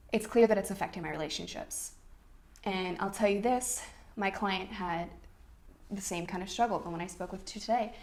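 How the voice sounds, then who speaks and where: A young adult woman, a coach, talking candidly to camera about loss and telling a personal story with quoted dialogue. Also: lowish voice. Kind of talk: casual talk to camera.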